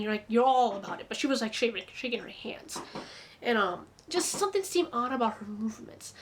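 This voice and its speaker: A woman's voice: a little high, a little hiss or hum. A young woman telling a personal story to the camera at home, chatty, with restarts and asides. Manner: chatty, restarts often, quick asides to the viewer. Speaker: vlogger. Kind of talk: casual storytime. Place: room in her home.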